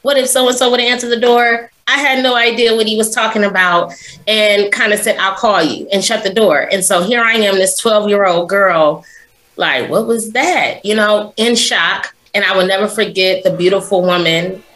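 A woman guest opens up about her past in a frank, confessional interview. She speaks at a middling pitch and keeps checking in with a quick "right?" as she goes. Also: fairly bright tone, poor audio. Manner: earnest, confessional, often adds "right?" and "you know". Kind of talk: personal storytelling in an interview.

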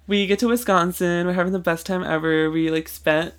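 A man's voice: sits high, fairly even intonation, brisk. A young man in his twenties co-hosting a podcast, telling a long story in casual chat, filled with "like" and swearing. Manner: rambling, full of "like" fillers and swearing. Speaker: podcast co-host.

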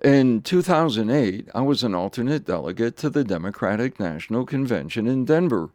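A man's voice: mid-range voice, animated, brisk, a little mellow, no room sound. A man hosting a radio program, reading scripted narration with dry, punning humor. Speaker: radio show host.

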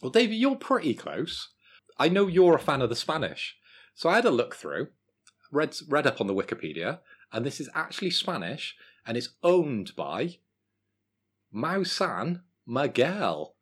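A young man with a slightly husky voice co-hosts a casual podcast. He teases his friend with dry humour, and his pitch moves around a lot. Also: huge pitch swings, moderate pace. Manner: teasing, dry ribbing. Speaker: podcast co-host. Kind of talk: casual chat.

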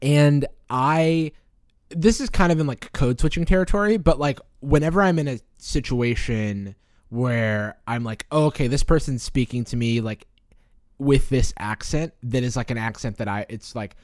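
A man's voice: mid-range voice, normal speed, no echo, clean studio sound. A man co-hosting a casual chat, reflective and full of fillers. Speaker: podcast co-host.

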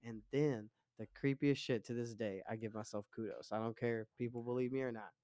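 A young man spins a wild tale as a podcast guest, swearing freely and acting out the voices. His voice is smooth and clear. The sound is close and dry, with no room echo. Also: medium pitch, fairly quick. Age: 20s. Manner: profane, animated storyteller. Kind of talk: casual storytelling.

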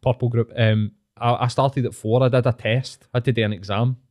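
A man's voice: medium pitch, steady tone, a little fast, a little mellow. A young Scottish man hosting a podcast, telling stories animatedly with swearing and laughter. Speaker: podcast host. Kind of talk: casual chat.

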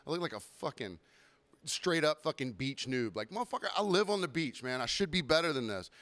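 A young podcast host tells a rambling, profane, self-mocking story in a casual monologue, clearing his throat now and then as he recovers from a sore throat. His voice runs on the high side, expressive, fairly quick, and fairly bright.

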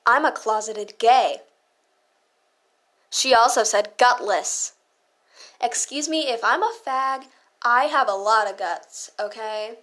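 A woman's voice: a little high, slow, long pauses, fairly bright tone. A teenage girl ranting in a casual storytime vlog, sarcastic and full of swearing.

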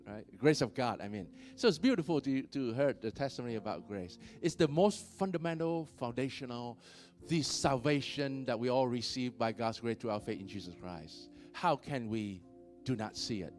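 A male pastor preaching a sermon in church, animated, laughing often and checking in with the congregation. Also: fairly low pitch.

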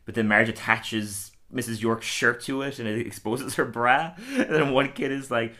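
Man, bright voice, casual rambling podcast chat, laughs a lot. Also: medium pitch, normal speed, few pauses. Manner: rambling, laughs often, many fillers. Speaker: podcast host. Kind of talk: casual chat recapping a cartoon episode.

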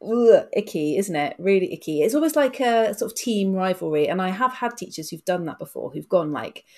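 Chatty woman, lowish voice. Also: fairly quick, few pauses. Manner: chatty, reflective, animated retelling. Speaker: podcast co-host, teacher. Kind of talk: casual discussion.

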